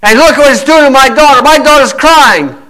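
A man mimicking a shrill, indignant mother. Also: brisk, bright, forceful tone, low-quality recording. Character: indignant, demanding well-off mother.

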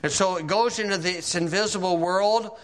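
A man's voice: high voice, normal speed, a bit bright, in a large hall. A man preaching a sermon, retelling events in vivid, dramatic storytelling.

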